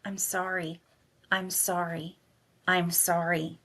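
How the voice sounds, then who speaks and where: A woman reading a novel aloud, softly voicing a fragile teenage girl who pleads in a hushed voice. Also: lowish voice, little pitch movement, takes it slowly. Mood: hushed pleading. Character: troubled teenage girl, fragile big sister.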